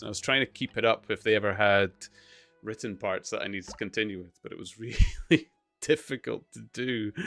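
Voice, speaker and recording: Low-ish guy streaming, playful and rambly, dry close sound, faint music behind. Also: a bit bright, no echo. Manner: playful, rambling, chats with viewers. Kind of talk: casual live-stream chat.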